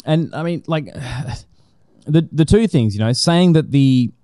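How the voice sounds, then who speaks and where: A man with a mid-range voice and a mellow, dark tone rants bluntly on a casual podcast, swearing freely and filling gaps with ums. The recording is close and dry. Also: a little high, lively intonation, slow, dry recording. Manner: blunt and sweary, full of fillers. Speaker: podcast co-host. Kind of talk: casual opinionated chat.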